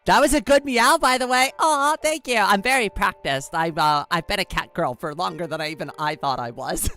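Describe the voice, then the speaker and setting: A woman's voice: mid-range voice, normal speed, fairly bright tone, faint music behind. A woman streamer chatting casually with her viewers, giggly and playful, often laughing at herself. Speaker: live streamer.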